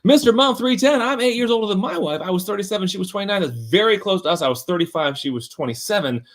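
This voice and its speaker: Man, forties, joking host reading comments, lively voice, slightly high pitch. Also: fast talker. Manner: joking, reads comments aloud in mock-dramatic voices. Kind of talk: casual live-stream banter.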